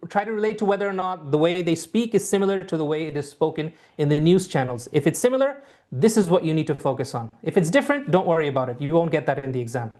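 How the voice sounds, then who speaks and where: An IELTS teacher in an online lesson talks students through the material. The delivery is repetitive and reassuring, full of ums and restarts, at a middling pitch. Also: a little mellow.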